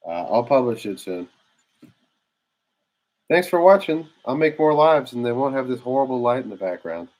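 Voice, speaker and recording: A man's voice: medium pitch, animated, moderate pace, long pauses, a little mellow. Rambling man, casual history talk. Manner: rambling and informal, with many fillers and restarts. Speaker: history vlogger. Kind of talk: casual unscripted explainer. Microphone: new desk microphone.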